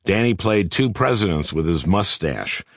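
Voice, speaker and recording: Deep-voiced older man, deadpan memoir narration. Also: normal speed, no echo. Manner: dry, deadpan comic delivery. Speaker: author narrating his memoir.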